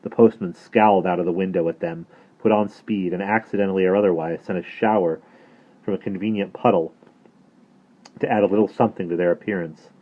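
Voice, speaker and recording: Male reader of a children's novel, very low voice, steady and measured. Thin, phone-like audio. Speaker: narrator. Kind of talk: reading a children's novel aloud. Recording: phone-like narrow sound.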